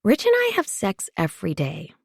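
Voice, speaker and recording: A woman voicing a blunt, teasing female friend in an audiobook, talking frankly in a higher voice. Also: wildly swooping pitch, moderate pace, creaky, slightly rough, no room sound, studio quality, heavily acted. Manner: frank, teasing, raised pitch.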